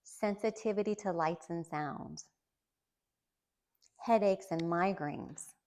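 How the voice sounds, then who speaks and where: A woman's voice: fairly low pitch, slow pace, a little mellow. Chatty woman around fifty. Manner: chatty, laughs lightly between points; shares personal experiences with listeners. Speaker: vlogger. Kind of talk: casual chat.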